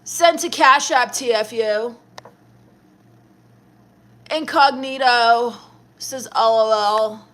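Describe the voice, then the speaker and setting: Deadpan high-voiced young woman. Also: slow, pauses often. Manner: deadpan, dismissive, sarcastic. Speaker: livestream host reading viewer chat. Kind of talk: in-character comedic livestream chat.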